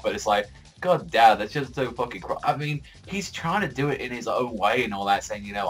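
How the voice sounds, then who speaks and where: A man with a lowish voice talks through a manga chapter in a loose, unscripted vlog. He rambles, leans heavily on "like" as a filler, and swears freely as he goes. Faint music plays underneath. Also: brisk, a bit bright, poor audio. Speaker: anime and manga reviewer. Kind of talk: casual review vlog.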